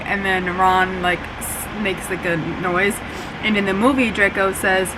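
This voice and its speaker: A woman's voice: medium pitch, moderate pace. A young woman chatting casually to her camera at home, full of "like" and "um", with a fan running in the room. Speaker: vlogger. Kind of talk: casual reading-update vlog. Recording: steady fan hum behind.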